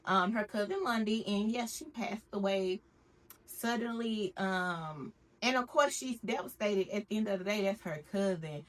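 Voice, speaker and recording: A woman's voice: medium pitch, measured pace. A woman giving a casual TV recap, acting out the cast's lines with big swings in her voice. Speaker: recap vlogger.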